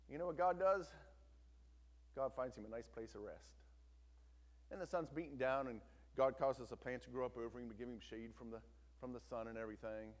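A man's voice: mid-range voice, brisk, pauses often. Emphatic preacher man in a reverberant hall. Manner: storytelling, emphatic, asks the congregation to listen. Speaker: pastor. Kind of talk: sermon.

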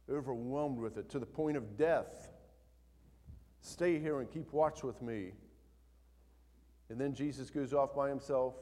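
Male pastor, mid pitch, preaching with dynamic swings in a church with a long hall reverb. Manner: swings from soft and low to loud and emphatic, reading scripture aloud. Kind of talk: sermon. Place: church sanctuary.

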